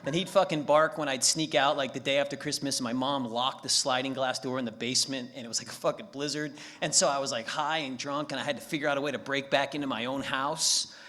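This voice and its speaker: A man speaking at a recovery meeting, telling a comic personal story in a profane, animated way. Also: mid-range voice, quick pace, few pauses. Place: meeting room.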